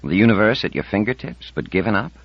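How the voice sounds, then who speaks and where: A man's voice: fairly low pitch, animated, fast, vocal fry, no room sound. A man reading an audiobook, voicing a confident, persuasive woman scientist in her fifties. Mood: determined. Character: confident, determined woman scientist over fifty. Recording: dull dry audiobook recording.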